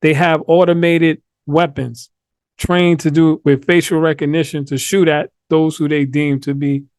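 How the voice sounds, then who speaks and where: A man hosting a conversational discussion, speaking hesitantly with many pauses and restarts. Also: a little high, level tone, a little mellow, smooth, no room sound.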